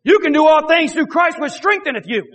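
A male pastor preaching an impassioned sermon, often shouting and repeating his phrases. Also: very high-pitched, expressive, a little fast, big-room sound.

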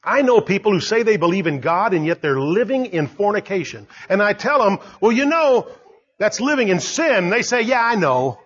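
An older man preaching a sermon as pastor, emphatic and rising to shouts. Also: high voice, sing-song, moderate pace, husky. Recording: dull lo-fi recording.

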